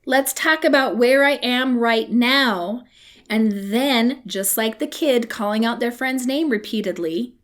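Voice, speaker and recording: Female podcast host, slightly high voice, casual teaching, candid with cheeky asides. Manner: candid and conversational, with playful asides.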